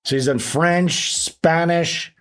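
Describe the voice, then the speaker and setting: A man hosting a stream, reacting to a clip in casual, animated talk, swearing and laughing often. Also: fairly high pitch, takes it slowly, clean tone, soft background music. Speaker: stream host.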